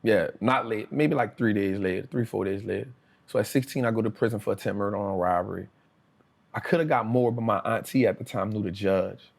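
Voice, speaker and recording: Gravelly New man telling stories. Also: lowish voice, brisk. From New Orleans, USA. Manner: casual street slang, lively retelling with acted quotes. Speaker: guest. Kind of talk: interview storytelling.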